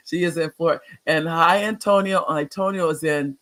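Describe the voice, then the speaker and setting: This livestreamed talk show is run by a retired teacher in his sixties who chats and rambles, welcoming viewers by name with excited upswings. He's slightly high-pitched, quick, and barely pauses at all.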